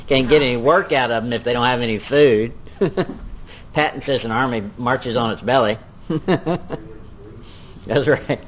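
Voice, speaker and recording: A man preaching verse by verse, reading scripture in a slow, dramatic way and then explaining it in folksy, chuckling asides. His voice comes through thin and tinny, like a phone line. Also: mid-range voice, steady tone, slight background noise. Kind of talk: Bible teaching sermon.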